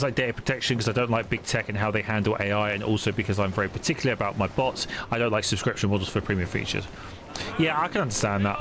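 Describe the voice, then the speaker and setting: A young man streaming a game, chatting casually with viewers in a rambling, halting way with many restarts. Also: fairly low pitch. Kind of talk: casual chat while gaming. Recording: noisy stream audio.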